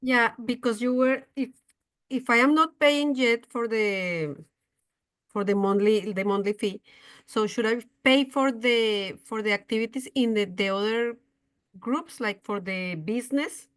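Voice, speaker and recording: A woman whose first language is Spanish, a member asking a question in a hesitant, halting way over a video call. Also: fairly high pitch, clean tone, dry recording, clean studio sound. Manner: hesitant, halting, restarts phrases.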